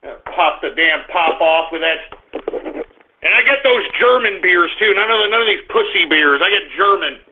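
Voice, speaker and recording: A man's voice: high-pitched, moderate pace, slight background noise. A male talk radio host, exasperated and swearing, rambling with restarts through a live on-air rant from his office. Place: home office. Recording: tinny phone-like radio stream.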